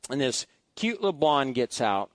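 A middle-aged male pastor telling folksy personal stories during a sermon, swinging between loud asides and quiet musing. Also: mid-range voice, big pitch swings, normal speed, no room sound. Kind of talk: storytelling sermon. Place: church sanctuary.

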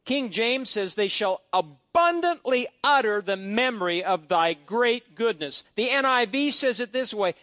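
A man's voice: sits high, animated, measured pace, few pauses, bright, forceful tone, dry recording. A middle-aged man preaching a sermon as pastor, reading scripture aloud with exuberant emphasis and folksy asides.

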